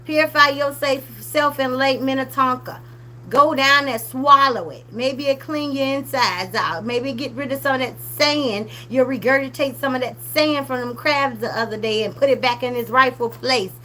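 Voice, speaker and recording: A woman's voice: high voice, moderate pace, a little hiss or hum. A woman hosting a commentary channel, talking casually and animatedly, scolding the people she talks about. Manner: animated, scolding, drops to a hushed whisper at times.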